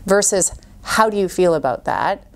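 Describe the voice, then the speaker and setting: A middle-aged woman talking as a podcast guest, an animated storyteller who acts out quoted voices. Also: medium pitch, normal speed. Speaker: guest coach. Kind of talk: podcast interview.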